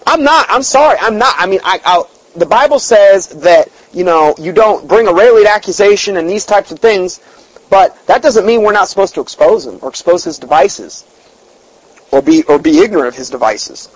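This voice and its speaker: A man's voice: high-pitched, lively intonation, moderate pace, rough recording. A man preaching a sermon in a chatty storytelling way, emphatic, his voice jumping up when he is stirred. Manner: conversational asides, fillers and restarts.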